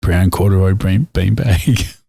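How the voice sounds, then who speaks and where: A man's voice: low voice, measured pace, vocal fry, warm tone, slight background noise. A middle-aged man, co-hosting a podcast and telling rambling stories with frequent laughter. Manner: rambling storyteller, laughs often. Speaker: podcast co-host. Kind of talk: casual nostalgic chat.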